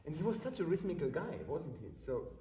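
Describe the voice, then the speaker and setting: A man coaching a cellist in a masterclass, animated, singing rhythms and joking. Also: on the high side, fairly quick, a little hiss or hum. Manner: animated, sings rhythms, swears and laughs. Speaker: cello masterclass teacher. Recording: echoey, distant, with cello playing.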